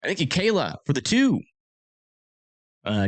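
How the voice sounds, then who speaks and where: A man hosting a casual storm-forecast livestream. He talks in a rambling, filler-heavy way, and his pitch moves a lot. The sound is close and dry, with no room echo. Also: lively intonation, normal speed.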